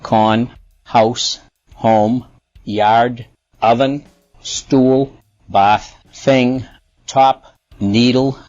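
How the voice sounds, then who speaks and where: A man with a Boston accent reading word lists and a short story, slowly and deliberately. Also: mid-range voice, steady tone, a little mellow, no room sound, muffled recording, faint music behind. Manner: slow, deliberate, one word at a time. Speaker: language sample speaker.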